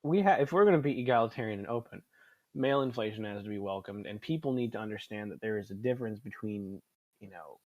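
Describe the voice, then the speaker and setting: A man's voice: on the low side, expressive, fast talker, dry recording, highs cut off. A man in his twenties hosting a casual podcast chat, rambling, swearing often and laughing a lot. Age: 20s. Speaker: podcast host.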